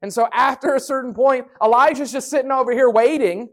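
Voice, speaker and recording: A woman teaching a Bible story lesson in a lively, playful way, full of asides. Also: sits high, a little fast. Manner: lively, playful, lots of voices and sound effects.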